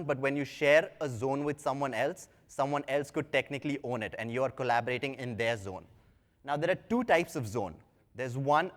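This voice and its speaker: Casual man giving a talk in a hall. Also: mid-range voice. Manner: casual, chatty, self-deprecating asides. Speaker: conference speaker. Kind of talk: live tech conference talk. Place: large conference hall. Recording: long hall reverb.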